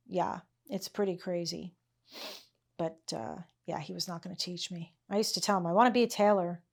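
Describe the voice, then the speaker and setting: Woman, middle-aged, unhurried delivery, tailoring teacher, chatty, laughs a lot, keeps asking "okay?". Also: on the low side, gravelly. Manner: chatty, laughs often, checks in with "okay?" and "all right?". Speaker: tailoring instructor. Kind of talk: casual teaching chat with anecdotes. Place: her tailoring workshop.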